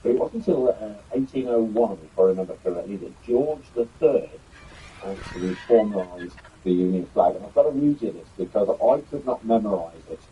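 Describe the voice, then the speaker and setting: An older man hosting a YouTube history video chats casually about an old keepsake, show-and-tell style, with some rambling and filler words. His voice is fairly low, expressive, and mellow, delivered briskly with a lo-fi sound and slight background noise.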